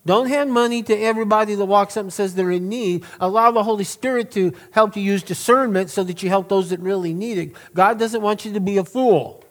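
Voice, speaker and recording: Emphatic pastor, high voice. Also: male voice. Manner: earnest, emphatic, drawn-out key words. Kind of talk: sermon.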